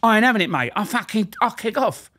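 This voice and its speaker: Brief: a scrawny male addict prisoner, as a man puts him on, high and whining. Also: big pitch swings, fast talker, bright, forceful tone, exaggerated voice. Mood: agitated. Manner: whiny, threatening, high-pitched outbursts.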